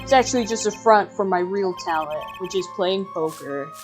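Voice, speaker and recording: A woman's voice: mid-range voice, normal speed, close to an everyday voice. A woman voicing a laid-back male piano player in a fan-voiced game playthrough.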